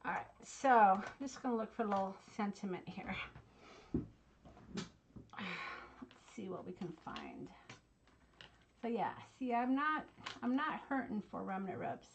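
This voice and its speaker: A woman's voice: medium pitch, lively intonation, unhurried, gravelly, long pauses, a little hiss or hum. A woman, chatting casually and teasing herself while crafting at her home desk. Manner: chatty, self-mocking, talks to viewers as y'all. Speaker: craft channel host.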